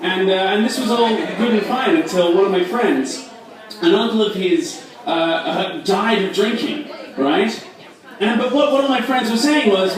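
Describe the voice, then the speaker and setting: A young man from Australia with a mixed Australian and American accent, doing a self-deprecating stand-up set with quick asides and audience banter. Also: high-pitched, lively intonation. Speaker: stand-up comedian. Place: large echoey hall at a fundraiser. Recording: echoey hall from far off.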